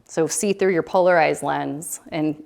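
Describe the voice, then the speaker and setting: Gravelly low-voiced woman presenter. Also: a little slow, darkish tone. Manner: loose, rambling delivery with many fillers and restarts. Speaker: retreat presenter. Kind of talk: casual talk to a small group. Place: retreat room.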